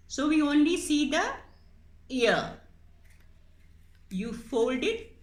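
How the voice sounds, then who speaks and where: Speaking slowly and gently in a lively, sing-song way, a woman who makes puppets and tells stories for children walks kids through a paper puppet craft. Her voice is high and bright, captured in an echoey room with a faint hum in the background.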